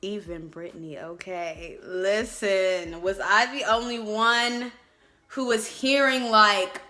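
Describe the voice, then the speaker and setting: A young woman chatting to camera in a casual vlog, expressive and talkative. Her voice sits a bit high and comes across bright and forceful. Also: unhurried. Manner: chatty, expressive, addresses viewers as y'all. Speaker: vlogger reviewing a reality show.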